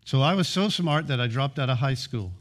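A man's voice: mid-range voice, animated, brisk. A man preaching a sermon, building emphatic rhythmic lists of short phrases and often restarting his words as he presses a point. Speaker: pastor.

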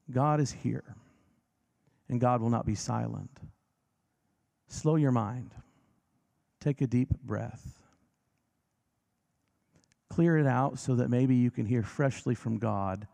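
A man preaching a sermon as pastor, gentle and reassuring, slowing down for emphasis. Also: medium pitch, vocal fry.

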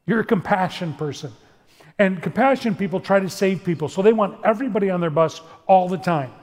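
A middle-aged man preaching in an earnest, animated way, acting out quoted dialogue as he tells stories. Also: sits high, a little fast. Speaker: pastor. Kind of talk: sermon-style talk with storytelling. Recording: long reverb of a large room.

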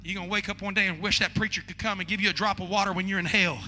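A male pastor preaches with a high voice and a piercing, very bright tone. He drops to hushed storytelling, then climbs into shouted, urgent pleading. Faint church music plays under the service recording. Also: fairly even intonation, very fast, big-room sound. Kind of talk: sermon. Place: church sanctuary.

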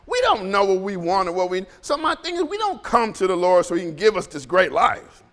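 A man preaching a sermon in a church, animated and joking, often laughing as he talks. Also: high voice, fairly quick, long reverb tail. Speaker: pastor.

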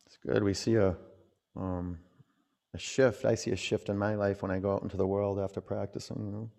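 A man teaching a yoga class, calling out poses and chatting in a relaxed, rambling way between cues. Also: on the low side, fairly quick, gravelly, in a large hall.

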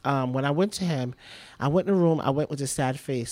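A man's voice: medium pitch, a little fast, darkish tone, dry recording. A young man telling a personal story as a podcast guest, rambling and repeating himself, leaning on "like" all the time. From Trinidad.

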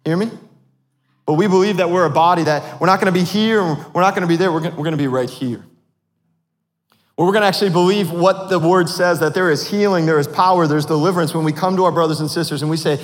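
A man in his thirties, a pastor preaching a sermon in a church, animated and self-deprecating, often laughing at himself. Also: a little high, quick pace. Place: church sanctuary. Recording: long hall reverb.

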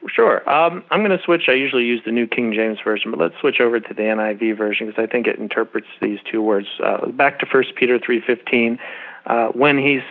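A man's voice: medium pitch, fairly quick, creaky. A middle-aged man, a guest calling in, explaining at length in an earnest, preacherly way. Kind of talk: interview guest on a phone line. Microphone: phone. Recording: tinny phone line.

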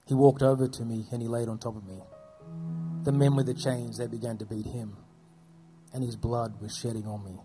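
A man telling earnest faith stories as an interview guest, dropping his voice low at solemn moments. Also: little pitch movement, normal speed, music in the background. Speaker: guest speaking about persecuted churches. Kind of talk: storytelling testimony.

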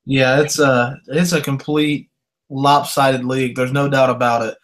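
A man's voice: mid-range voice, flat delivery, a bit bright. A man co-hosting a casual sports podcast, easygoing and teasing, with many "you know" fillers. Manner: laid-back, joking, drawn-out fillers. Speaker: podcast co-host.

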